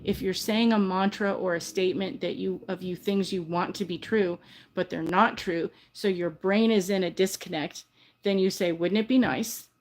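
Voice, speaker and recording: A woman's voice: lowish voice, fairly even intonation, normal speed. An older woman hosting a casual livestream, talking earnestly and heartfelt, often restarting her sentences. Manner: earnest, rambling, self-correcting, heartfelt. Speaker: livestream host.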